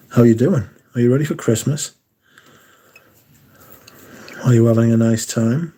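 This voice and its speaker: Male streamer, sore throat, husky and mellow, loose chatty swearing. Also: medium pitch. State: lost his voice, sore throat. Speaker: livestream host. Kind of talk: casual chat to viewers.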